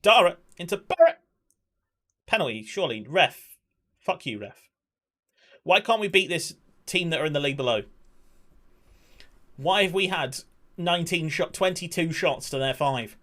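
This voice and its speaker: A man in his twenties, rambling and excitable while commentating a football management game he is streaming, swearing now and then. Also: fairly high pitch, moderate pace, long pauses. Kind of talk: casual gaming commentary.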